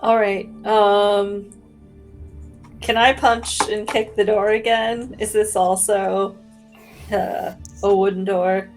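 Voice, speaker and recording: Slow-talking woman playing a tabletop game. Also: mid-range voice, flat delivery. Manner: giggly, hesitant with fillers. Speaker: player. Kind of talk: casual tabletop play. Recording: faint music behind.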